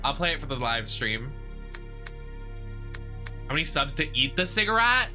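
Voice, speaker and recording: A man's voice: a little high, sing-song, moderate pace, pushed and bright, soft background music. A man chatting casually with his live-stream viewers, teasing and swearing as he talks back to the chat.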